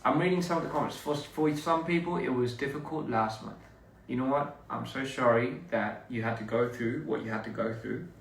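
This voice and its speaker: A young man chatting casually with viewers on a livestream, relaxed and halting, with lots of fillers and restarts. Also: medium pitch. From Australia. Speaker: livestream host. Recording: roomy echo, distant mic, faint noise.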